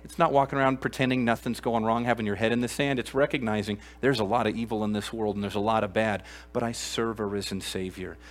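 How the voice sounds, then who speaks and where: A man preaching a sermon to a live congregation in a church, emphatic and earnest, swinging from loud exclamations to quiet asides and asking the room questions. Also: fairly low pitch, fairly even intonation, fast talker, hardly any pauses. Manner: addresses the congregation directly with questions. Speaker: pastor.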